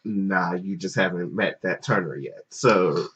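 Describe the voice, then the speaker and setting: A man's voice: deep voice, measured pace, a bit bright, a little hiss or hum. A man co-hosting a podcast, telling a story casually and laughing often. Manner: laughs often, acts out voices in his stories. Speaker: podcast co-host. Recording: dull lo-fi podcast audio.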